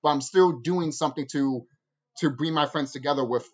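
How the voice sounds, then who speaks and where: A man's voice: on the high side, moderate pace, highs cut off. A man giving a casual, rambling video review, talking with heavy swearing and frequent laughter. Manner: animated, profane, laughs often.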